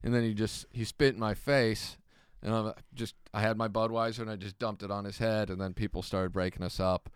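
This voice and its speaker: Male comic, very smooth and clear voice, dry close sound, animated storyteller who swears a lot. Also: lowish voice, fairly quick, dry recording. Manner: animated anecdote-telling, acts out quoted people, swears freely. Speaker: stand-up comedian. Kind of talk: casual storytelling chat.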